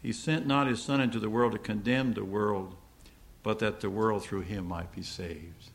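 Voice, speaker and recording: A man's voice: lowish voice, steady tone, normal speed, gravelly. A man preaching a sermon to a congregation, earnest, asking the listeners questions and repeating key lines.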